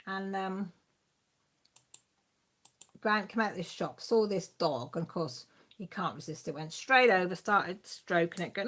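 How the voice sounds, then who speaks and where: A woman's voice: on the low side, animated, unhurried, pauses often, fairly bright tone. A middle-aged woman hosting a casual live-stream chat, rambling through family stories with lots of fillers and playful voices for her family. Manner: rambling, chatty storytelling with frequent fillers; laughs and does playful voices for family members. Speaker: channel host.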